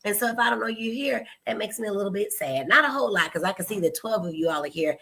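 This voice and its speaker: A woman who is a psychiatrist and pediatrician hosts a casual live stream, chatty and playful, greeting viewers by name and calling them "y'all" and "honey." She teases and laughs at herself. Her medium-pitched voice is expressive, fast, pushed, and bright.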